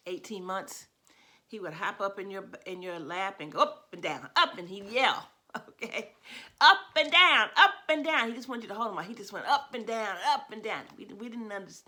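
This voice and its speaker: A middle-aged woman talks through her subject in a loose, conversational way, full of "um"s and little laughs. Her voice sits low but comes across bright and forceful, like an educator sharing what she knows. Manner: conversational, chatty with small laughs and fillers. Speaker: educator giving a talk. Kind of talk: casual spoken presentation.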